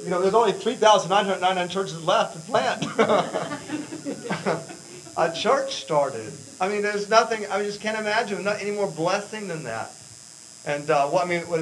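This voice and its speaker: A man's voice: fairly high pitch, rough recording. American guy giving a mission talk at church, earnest, lots of ums and restarts, bit of hum in the background. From United States. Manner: earnest, rambling, with frequent fillers and restarts. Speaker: mission speaker.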